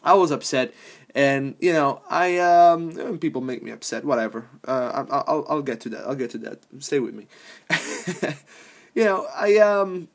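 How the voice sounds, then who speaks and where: A man's voice: a little high, lively intonation, a little slow, creaky. A young adult man hosting a podcast, rambling casually and swearing, laughing often between thoughts. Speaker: podcast host.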